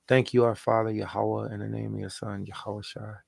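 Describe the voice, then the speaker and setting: A man's voice: lowish voice, little pitch movement, fairly quick, vocal fry, hardly any pauses, no room sound. A man leading a spoken prayer, chanting repeated invocations and confessing his faults. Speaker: prayer leader.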